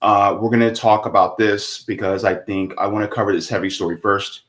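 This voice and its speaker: A man hosting a casual livestream, reading viewer comments aloud and chatting, growing loud and animated when heated. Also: lowish voice, a little fast. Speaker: livestream host.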